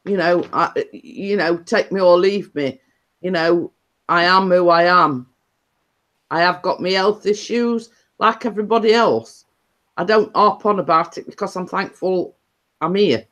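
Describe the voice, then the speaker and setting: A woman with a lowish, unhurried voice hosts a casual live stream. She chats in a rambling way, full of fillers and restarts.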